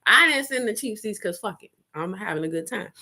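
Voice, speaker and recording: A woman's voice: medium pitch, fast talker. A woman hosting a casual live chat, telling a rowdy story, swearing freely and acting out what people said. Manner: animated, rowdy, swears freely, acts out quotes. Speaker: vlogger, live chat host. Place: home in Chicago.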